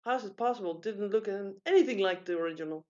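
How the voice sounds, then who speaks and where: A woman's voice: medium pitch, fast talker, a little mellow, highs cut off. A woman on a panel in casual chat, teasing the host with frequent giggles.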